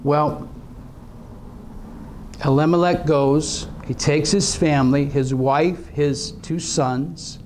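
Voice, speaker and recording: Middle-aged guy preaching a sermon, kinda high voice, earnest, lots of restarts then punchy lines. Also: fairly even intonation, slow pace, long pauses, a little hiss or hum. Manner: earnest storytelling, many restarts, shifts from quiet to emphatic.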